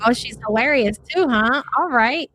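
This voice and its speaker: A woman's voice: a little high, moderate pace, a bit bright, slight background noise. Chatty Louisville-accented woman streamer. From Kentucky. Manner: chatty, blunt, swears casually. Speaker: live reaction streamer. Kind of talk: live stream commentary, reading chat.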